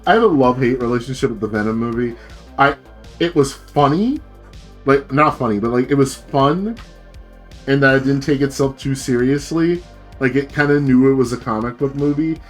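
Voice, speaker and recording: A man's voice: mid-range voice, lively intonation, moderate pace, soft background music. A man streaming as a VTuber, rambling in a casual rant full of fillers and swearing.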